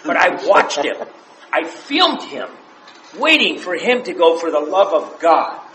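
Man, fairly high voice, casual storytelling share that chuckles through the anecdotes; echoey room, faint hiss. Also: big pitch swings, measured pace, fairly bright tone. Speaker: meeting member sharing.

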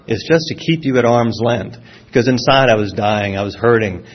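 Medium pitch, normal speed: a Southern-accented, middle-aged man from Florida gives a recovery testimony to a live crowd. His delivery is folksy with self-deprecating humor and frequent restarts, captured on a dull, lo-fi recording.

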